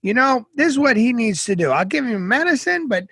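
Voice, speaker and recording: A sour-faced old doctor delivers his verdict bluntly, stumbling over words in a raised, louder voice, as a man puts him on. The tone is high and pushed. The sound is dry and close. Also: very animated, vocal fry, husky, no echo, full character voice. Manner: blunt, halting, matter-of-fact. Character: gruff older male doctor, sour-faced.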